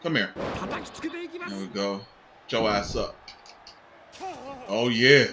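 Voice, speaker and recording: A young man giving casual gameplay commentary, cursing and shouting at the game as he plays. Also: fairly low pitch, slow pace, noisy background. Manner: loud, swearing outbursts at the game. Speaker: gaming channel host. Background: game music.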